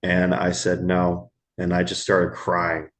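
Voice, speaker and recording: A middle-aged man, telling stories from his years as an emergency room medic in a podcast interview, slow and halting, repeating words as he goes. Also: deep voice, completely flat delivery, a bit bright. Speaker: guest, former ER medic.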